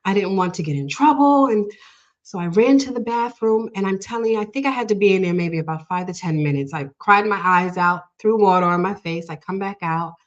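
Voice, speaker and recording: A woman's voice: medium pitch, a little fast. A woman guest sharing a personal story in conversation, earnest and emotional, laughing often between many fillers. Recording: dull lo-fi audio.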